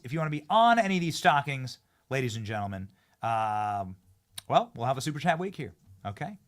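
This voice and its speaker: Excitable man hosting a live show. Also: medium pitch. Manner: excitable, repeats and restarts phrases, hypes guests. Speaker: political talk show host. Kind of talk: live-streamed casual chat. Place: show studio.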